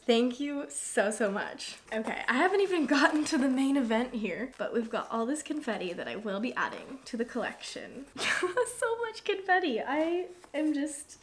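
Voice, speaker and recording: A young woman vlogging an unboxing, gushing and excitable, with lots of "like" in her talk. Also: fairly high pitch, slight background noise. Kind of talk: casual unboxing chat.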